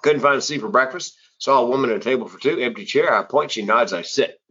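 A middle-aged man with a husky voice, a public speaker and former comedian telling stories in an interview and acting out the people he quotes. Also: medium pitch, fast. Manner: animated storyteller who acts out quoted voices. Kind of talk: conversational storytelling in an interview. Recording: slightly dull, lo-fi audio.

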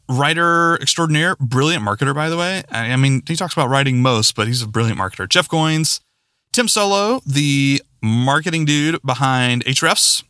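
A man hosting his podcast alone, rambling and excitable, poking fun at himself as he signs off. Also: medium pitch, no echo, studio quality. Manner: rambling, excitable, self-mocking. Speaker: podcast host. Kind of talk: casual solo podcast sign-off.

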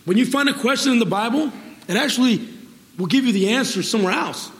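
A man preaching a sermon, exuberant, bursting into laughter and praise, then reading scripture slowly and deliberately. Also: very high voice, animated, a bit bright, a little hiss or hum. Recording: long hall reverb.

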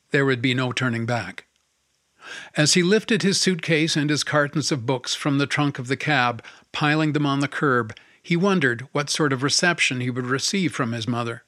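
Reading from a novel, the same man keeps a calm, evenly measured delivery. It's scripted audiobook work in a mid-range voice, recorded cleanly in a studio without echo.

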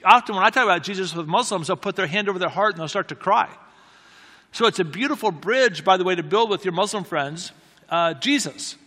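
A man delivers a sermon in story form, his voice on the higher side and ringing bright. He talks conversationally, pokes fun at himself, and circles back to repeat his key phrases. The sound carries the long reverb of a large hall. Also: lively intonation, a little fast. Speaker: preacher.

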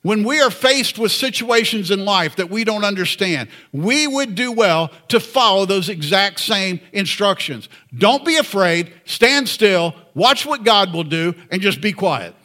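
Male preacher, bright voice, earnest and conversational. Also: sits high, expressive, a little slow, few pauses. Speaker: pastor. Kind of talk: sermon.

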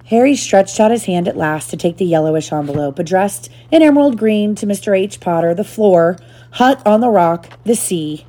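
Mellow-voiced mother reading a storybook. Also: medium pitch, animated, moderate pace. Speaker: mother reading to her child.

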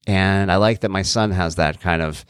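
A man's voice: deep voice, moderate pace, clean tone, no echo, clean studio sound. A man hosting his own podcast, talking earnestly and casually, thinking aloud with frequent restarts. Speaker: podcast host and author. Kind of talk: casual solo podcast talk.

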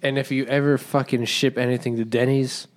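A man cohosting a podcast, dropping deadpan absurd asides and swearing. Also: mid-range voice, brisk. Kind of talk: casual comedic banter.

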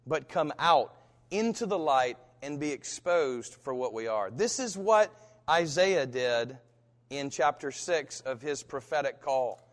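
A pastor preaching a sermon and telling a personal story with animation, acting out the voices of people in it. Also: male voice, a little high, lively intonation, a little slow. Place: church. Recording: reverberant hall.

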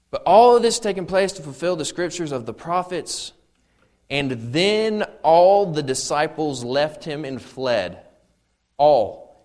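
A man preaching a sermon, reading scripture aloud with dramatic emphasis and breaking into conversational, humorous asides. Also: fairly high pitch. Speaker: pastor.

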